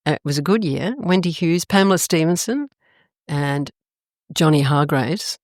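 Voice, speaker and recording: An older Australian woman telling stories in a casual interview, animated and expressive, her pitch jumping up suddenly. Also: moderate pace, no echo, studio quality. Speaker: guest.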